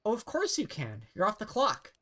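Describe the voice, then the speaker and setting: A woman's voice: medium pitch, huge pitch swings, moderate pace, fairly bright tone, pitched above the performer's own voice. A woman voicing a female AI assistant in a game, sweet-sounding and passive-aggressive, with a condescending manner. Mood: chirpy. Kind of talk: game dialogue read-along.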